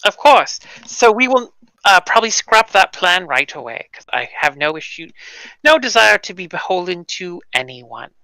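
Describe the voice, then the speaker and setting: A woman playing a tabletop game, asking quick, eager questions. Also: lowish voice, very animated, bright, forceful tone, no echo, rough recording. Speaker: player.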